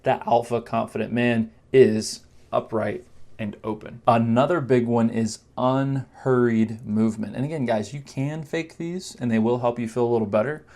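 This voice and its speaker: Speaking straight to the camera, a man coaches other men on confidence in a steady, slightly mellow mid-range voice. He keeps it conversational, explaining with quick demonstrations and mock voices.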